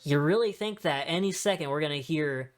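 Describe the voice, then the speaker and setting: A man hosting a podcast in a casual solo chat, talking in an excitable, rambling way with many asides. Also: on the high side, brisk. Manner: excitable, rambling fan talk with frequent fillers and asides. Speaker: wrestling podcast host.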